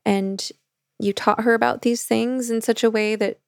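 Woman interviewer, gravelly voice, calm affirming reflections, dry sound. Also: a little high, no room sound. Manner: measured and affirming.

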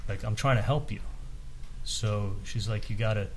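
A man's voice: fairly low pitch, slight background noise. A man testifying in court, retelling a conversation with frequent stumbles and restarts. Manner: halting, recounts dialogue with many restarts.

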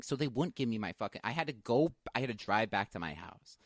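A man co-hosting a casual podcast, telling a profane, animated story and bursting into high laughs. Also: fast talker, no echo, clean studio sound. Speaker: podcast co-host. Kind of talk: casual chat, storytelling rant.

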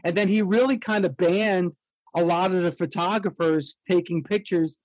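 Male co-host, high voice, measured questions, dry sound. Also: darkish tone, dry recording, poor audio. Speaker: co-host interviewer. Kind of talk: prepared interview question.

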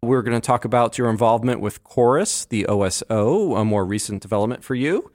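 A man's voice: mid-range voice, a little fast, darkish tone. A man hosting a podcast interview, talking in an upbeat, chatty way. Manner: upbeat, scripted intro then chatty. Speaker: podcast host. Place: conference venue, recorded together.

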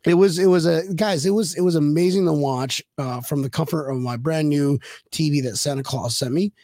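A man's voice: on the high side, a little fast, warm tone, no echo, studio quality. A man co-hosting a casual sports podcast, rambling and joking, often repeating words as he starts his thoughts. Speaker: podcast co-host.

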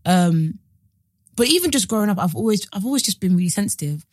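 A woman, co-hosting a casual podcast and telling stories with lively acted-out voices. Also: fast talker, no room sound, studio quality. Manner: animated storytelling, acts out quoted voices with big pitch jumps. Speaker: podcast co-host. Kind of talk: casual chat.

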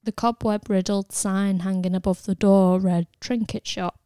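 A woman narrating an audiobook in a steady, even storytelling manner, recorded close in a studio. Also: mid-range voice, moderate pace, clear, resonant tone, no room sound. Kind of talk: scripted narration.

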